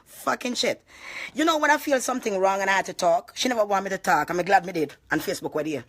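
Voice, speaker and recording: A woman with a thick Jamaican accent vents on a live stream in heavy patois, cursing as she goes. Her delivery rambles and surges into loud, laughing outbursts. Her voice sits at a middling pitch for a woman. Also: fast talker. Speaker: vlogger. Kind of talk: emotional live-stream rant.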